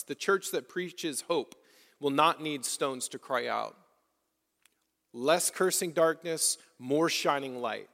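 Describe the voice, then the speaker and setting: Slow, gravelly and sharp-toned, a slightly high male voice carries this sermon. The pastor repeats lines and asks his congregation rhetorical questions, and the church sanctuary gives the recording a long hall reverb.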